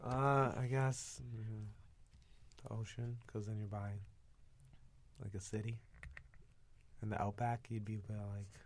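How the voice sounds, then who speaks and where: Quiet hesitant man in casual chat. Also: lowish voice, level tone, a little slow, long pauses, a little hiss or hum. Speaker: podcast co-host.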